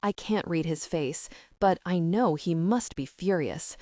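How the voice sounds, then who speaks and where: Low-voiced woman narrating an audiobook. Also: a little slow, hardly any pauses, a little mellow, no room sound, clean studio sound. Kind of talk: first-person romance narration.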